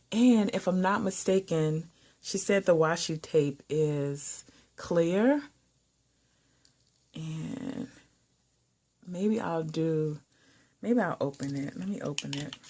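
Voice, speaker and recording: Gushing woman unboxing, low gravelly voice. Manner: gushing, excitable, frequent gasps and exclamations. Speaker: planner channel host. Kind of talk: casual unboxing vlog.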